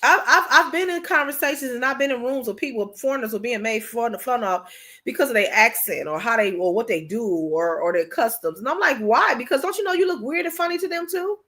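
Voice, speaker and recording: A woman's voice: sits high, sharp tone. A woman hosting a livestream, giving an informal motivational talk straight to her viewers, emphatic and repetitive as she drives her points home. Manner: emphatic and repetitive, often asking "you understand what I'm saying?"; informal, conversational, addressing viewers directly. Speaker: livestream host.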